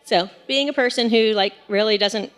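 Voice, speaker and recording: A woman in her forties tells a story live on stage, chatty and animated with plenty of fillers. Her voice sits a bit high. The sound rings out with a long hall reverb. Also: moderate pace, clean tone.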